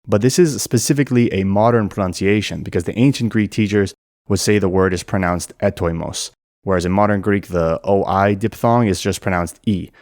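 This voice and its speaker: A man with a low, deep voice narrates an educational explainer. He talks in a clear, methodical way. The sound is close and dry. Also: fairly quick, a little mellow, no echo. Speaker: language explainer.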